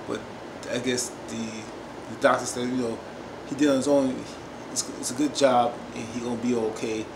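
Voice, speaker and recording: A TV show reviewer casually discusses an episode in a mid-range voice at a moderate pace, being emphatic and repetitive and often calling out to his viewers. The room is echoey with steady noise.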